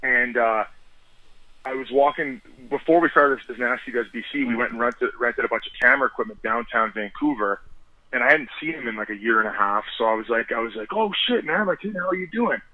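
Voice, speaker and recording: A man's voice: mid-range voice, brisk, dry recording, phone-quality sound. A man, a podcast guest, telling rambling stories with restarts, stammers and swearing. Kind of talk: casual storytelling.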